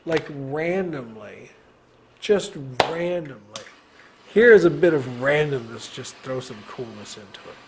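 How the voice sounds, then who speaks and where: A man's voice: a little high, animated, a little slow, background noise. A man in his thirties from Texas, rambling in casual podcast chat, swearing and laughing often. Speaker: podcast host.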